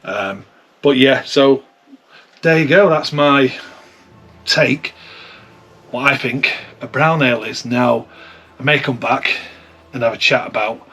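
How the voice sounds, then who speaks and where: A man's voice: medium pitch, slow pace, pauses often, a bit bright, slightly rough. A man giving a casual beer tasting review, chatty and thinking aloud as he sips and compares.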